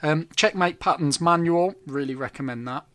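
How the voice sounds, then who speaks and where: A man co-hosting a podcast, chatty and enthusiastic, slipping in quick asides. His voice sits a touch high for a man, and the sound is dry and close to the mic. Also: a bit bright, no room sound. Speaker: podcast co-host. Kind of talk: casual chat.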